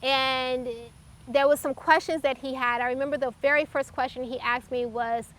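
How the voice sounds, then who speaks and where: A woman with a high, bright voice shares her personal faith testimony. She speaks earnestly and reflectively, with frequent halting pauses. Her tone carries a clear, sharp edge. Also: fairly even intonation.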